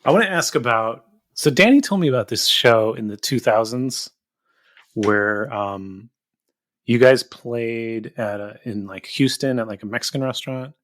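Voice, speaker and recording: A man's voice: mid-range voice, unhurried, no echo. Man, podcast host, casual interviewer, hesitant questions, mid voice, dry. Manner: prompts guests with hesitant questions.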